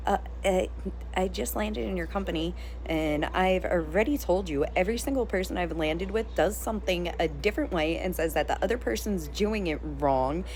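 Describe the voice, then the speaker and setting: A woman vlogger telling a story in a casual, animated rant, blunt and sometimes profane. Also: lowish voice, moderate pace, a little hiss or hum.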